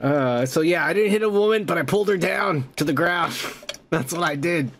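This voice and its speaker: High-voiced profane podcast host. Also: male voice, moderate pace, creaky, a bit bright. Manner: loose, swearing, laughing often. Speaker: podcast host reading comments. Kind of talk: casual profane storytelling.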